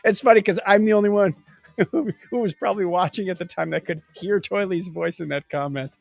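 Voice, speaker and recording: Male podcast host, animated and playful, slightly high voice, dry studio. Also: vocal fry, no echo, soft background music. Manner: jokey, animated, rattles off lists quickly. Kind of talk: casual chat.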